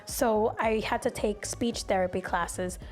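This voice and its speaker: A young adult woman hosting a podcast, telling stories in a casual, animated way and acting out other people's voices. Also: mid-range voice, unhurried, faint music behind. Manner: animated storyteller who acts out voices. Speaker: podcast host.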